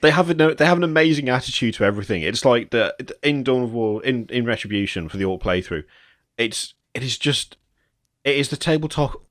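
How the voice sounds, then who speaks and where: A man's voice: mid-range voice, fairly bright tone, no echo, studio quality. A man co-hosting a casual gaming podcast, explaining with enthusiasm. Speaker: podcast co-host.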